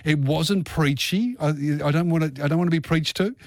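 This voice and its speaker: A man's voice: a little high, a little fast, no room sound. A man hosting a radio show, chatting casually and rambling through his opinions. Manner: chatty, rambling, laughs easily. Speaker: radio host.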